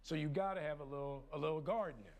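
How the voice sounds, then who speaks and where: A man's voice: a little high, fast talker, a little mellow. A middle-aged father speaking in a firm, proud, declarative way. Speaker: father being interviewed.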